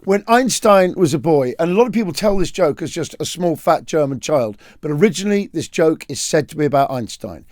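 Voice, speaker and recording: High-voiced rambling male podcast host. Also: a little fast, hardly any pauses, dry recording, clean studio sound. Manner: rambling, animated joke-teller. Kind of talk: casual storytelling chat.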